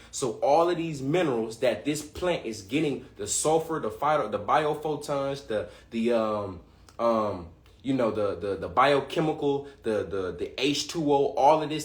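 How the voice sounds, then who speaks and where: An excitable man talks straight to his livestream viewers. He often restarts and repeats himself and uses casual slang. His voice sits mid-range for a man and rings a little in an echoey room. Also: medium pitch. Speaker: livestream host. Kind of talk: live-streamed talk to viewers.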